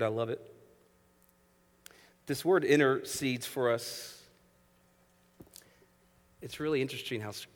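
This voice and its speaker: A male pastor in his thirties delivers an animated sermon with a medium-pitched voice. He drops to a hush and then rises to near shouts, acting out voices along the way. His words ring with a long reverb from the church sanctuary. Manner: animated preaching, swings from hushed to loud, acts out voices.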